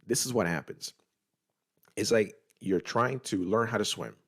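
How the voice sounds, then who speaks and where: A man's voice: lowish voice, measured pace, slightly rough. A middle-aged man from Puerto Rico, a podcast co-host talking casually and animatedly to listeners, often restarting his sentences. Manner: animated, repetitive restarts, addresses listeners as guys. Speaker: podcast co-host, trading group leader.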